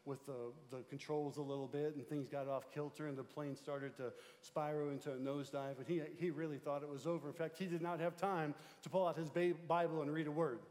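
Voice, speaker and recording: A male pastor delivering a sermon in a church, preaching emphatically and moving between loud calls and low, quiet passages. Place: church sanctuary. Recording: long reverb of a large church hall.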